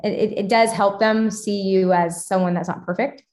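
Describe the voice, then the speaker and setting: A woman hosts a casual conversation, sharing her own parenting experiences in a chatty, personal way full of fillers. Her pitch sits in a middle range for a woman. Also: steady tone, moderate pace, a little mellow. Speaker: podcast host and parent.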